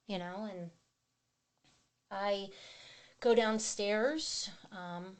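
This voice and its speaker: Animated woman telling her testimony. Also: medium pitch, unhurried. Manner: vivid storyteller, acts out her own past words. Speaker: podcast guest. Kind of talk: personal testimony.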